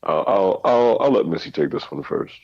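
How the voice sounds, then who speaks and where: A man's voice: sits low, expressive, normal speed, gravelly, slightly rough, no echo, highs cut off. A man co-hosting a podcast in casual chat, making brief, agreeable remarks. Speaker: podcast co-host.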